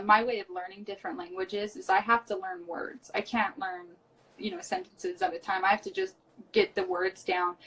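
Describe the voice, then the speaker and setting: A woman's voice: medium pitch, vocal fry, sharp tone. A tired woman from the United States, a reality show guest, chatting bluntly and swearing casually on a live stream from a small storage room. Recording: voice from far off the mic.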